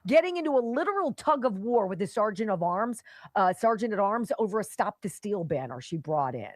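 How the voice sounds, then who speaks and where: A woman's voice: a little high, dry recording. A middle-aged woman hosting a talk radio show, delivering an opinionated monologue with sarcastic, punchy asides.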